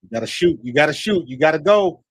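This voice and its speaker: A man giving excited live fan commentary on a basketball game, talking to the players as if coaching them and scolding missed shots. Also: fairly high pitch, quick pace, slightly rough, no echo. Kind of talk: live watch-along commentary.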